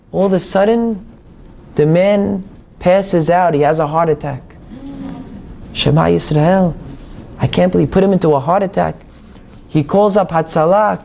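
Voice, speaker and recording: High-voiced man telling a sermon story. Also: moderate pace, creaky. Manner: animated storyteller, acting out the people in the story.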